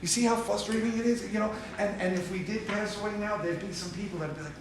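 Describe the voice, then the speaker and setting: A man's voice: high-pitched, fairly even intonation, fast talker. A man leading a recovery group talk, speaking emphatically and repeating points for stress. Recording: echoey room from far off with hiss.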